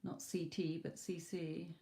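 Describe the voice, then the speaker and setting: A woman's voice: fairly low pitch, little pitch movement, measured pace, vocal fry, warm tone. A woman reading tarot on a live stream, close to a tablet mic, addressing viewers by name in a coaxing but firm way. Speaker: tarot reader. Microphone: tablet close to her mouth.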